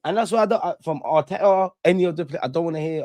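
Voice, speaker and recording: A man, hosting a casual livestream, talking in slangy, animated bursts that swing between loud and muttered. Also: on the high side, fast, hardly any pauses, no room sound, clean studio sound. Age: 30s. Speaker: livestream host.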